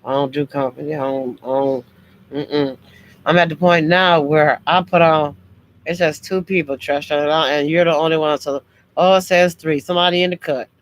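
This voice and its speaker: A woman's voice: deep voice, fairly even intonation, normal speed, poor audio. A woman hosting a casual livestream chat. She talks to her viewers in a harsh, blunt way, though she means no harm. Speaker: livestream host.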